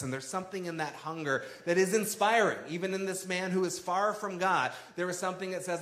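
A man's voice: sits high, brisk, hardly any pauses, a bit bright, echoey room. A man preaching a sermon in a conversational way, acting out quoted lines with drama. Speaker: pastor.

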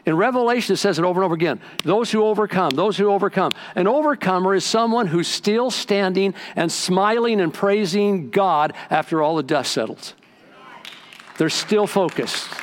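A man preaching a sermon as pastor, telling stories and acting out quotes with lively swings in his voice. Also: a little high. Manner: animated storytelling with acted-out quotes. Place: church sanctuary.

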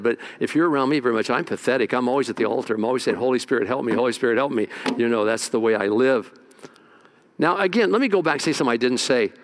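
A man, a pastor, preaching a sermon with dramatic swings between loud exhortation and quiet asides. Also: mid-range voice.

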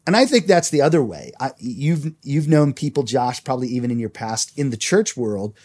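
A man's voice: mid-range voice, animated, normal speed, darkish tone, breathy edge. A man co-hosting a Christian podcast, talking earnestly and reading quotes aloud. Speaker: podcast co-host. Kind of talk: faith podcast conversation.

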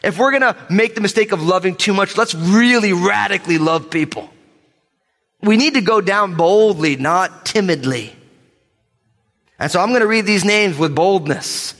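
Male pastor, fairly high voice, lively joking sermon delivery, long church-hall reverb. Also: normal speed, soft background music. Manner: animated, joking asides, calls for amens. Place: church sanctuary.

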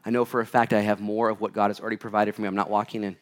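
A man preaching a sermon and reading scripture, swinging between loud bursts and hushed asides. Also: lowish voice, level tone, rapid-fire. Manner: reads scripture aloud. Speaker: pastor.

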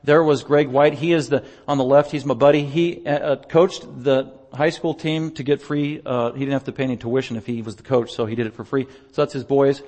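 A male pastor chatting through a slideshow report during a church service, telling stories in an animated way and laughing often. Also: mid-range voice, brisk, few pauses. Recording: long reverb of a large hall.

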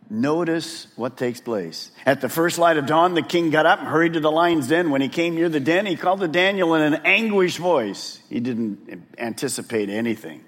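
A man preaching a sermon and talking straight to his congregation. He is animated and drops to a hush for emphasis. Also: mid-range voice. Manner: addresses the congregation directly. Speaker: pastor. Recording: long reverb of a large hall.

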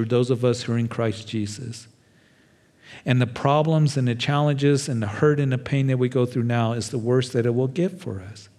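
A man's voice: medium pitch, darkish tone. A man preaching a sermon in an earnest, teaching manner, often restarting with repeated words. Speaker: pastor.

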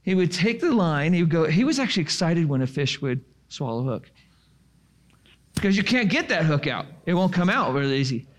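A man's voice: a little high, brisk. A man casually telling a rambling story to a live audience, full of restarts and fillers. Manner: animated and chatty.

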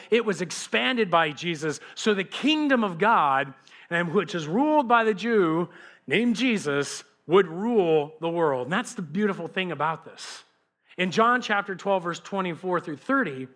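A man preaching as a pastor, animated and conversational, speaking straight to his congregation. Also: high-pitched. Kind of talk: sermon.

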